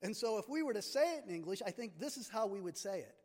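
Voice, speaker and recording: A man with a high voice preaches a sermon and hits his key words hard. His voice rings out in the long reverb of a church sanctuary. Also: expressive, fast, darkish tone. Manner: emphatic teaching, stressing key words. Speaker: pastor. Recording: long reverb of a large hall.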